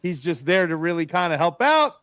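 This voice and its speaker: A man hosting a casual sports podcast, animated and rambling, calling people "bro" and "man". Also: high-pitched, brisk, clean tone, dry recording. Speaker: podcast host.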